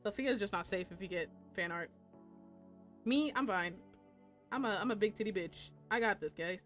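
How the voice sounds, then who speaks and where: A woman's voice: medium pitch, moderate pace, fairly bright tone, soft background music. A young adult woman streaming while she draws, chatting casually and crudely with viewers. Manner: chatty and crude, with frequent laughs and squeals. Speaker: VTuber streamer and artist. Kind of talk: casual live-stream chat while drawing.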